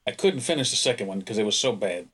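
A man in casual podcast chat, giving quick, offhand opinions. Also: lowish voice, lively intonation, fairly bright tone, slightly rough.

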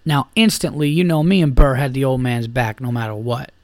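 A man's voice: mid-range voice, brisk, a little mellow, no room sound. A man hosting a podcast and telling a bar story in a casual, rambling way, swearing often. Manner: profane, rambling, lots of fillers and restarts. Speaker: podcast host.

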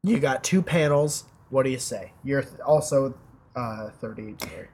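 Woman podcast co-host, deep and husky, teasing and playful in casual chat. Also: lively intonation, a little slow, dark tone. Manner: teasing, laughs often.

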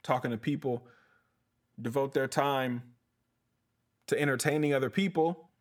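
A man's voice: mid-range voice, unhurried. A male comedian hosting his podcast, ranting in a heated, profane way and often tossing in "bruh". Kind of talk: casual comedic rant.

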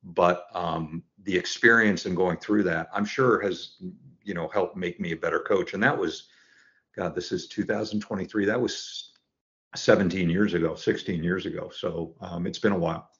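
A man's voice: deep voice, steady tone, moderate pace, a bit bright. A man in his sixties, a football coach, telling his story in an earnest, reflective way as an interview guest. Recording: dull lo-fi sound.

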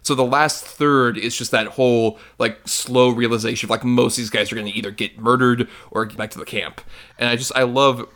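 A man co-hosting a casual film podcast, excitable and loose-tongued, often swearing as he chats. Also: medium pitch, a little fast. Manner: excitable, swears freely, acts out movie scenes. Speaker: podcast co-host.

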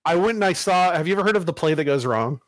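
A man's voice: on the high side, expressive, fast, dry recording. A man co-hosting a podcast, telling a story in casual chat and laughing and swearing freely as he goes. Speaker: podcast co-host.

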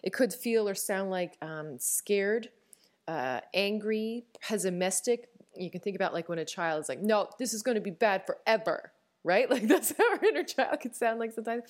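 A woman's voice: medium pitch, animated, normal speed. Newfoundland woman, candid podcast host. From Newfoundland, Canada. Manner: warm and candid, laughs often, frequent fillers and restarts. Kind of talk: reflective personal podcast talk.

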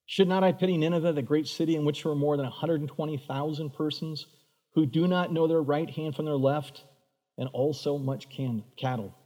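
A man preaching a sermon, animated, acting out the voices of the figures in the story he tells. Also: on the high side, moderate pace, big-room sound. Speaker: pastor.

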